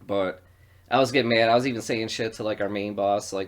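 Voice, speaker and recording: A man from western New York co-hosting a podcast, telling profane stories in a loose, animated way. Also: lowish voice, a little fast. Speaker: podcast co-host. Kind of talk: casual storytelling chat.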